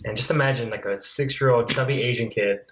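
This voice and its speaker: A man telling a childhood story in casual podcast chat, lively and full of fillers. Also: mid-range voice, quick pace, a crowd in the background, poor audio. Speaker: podcast co-host.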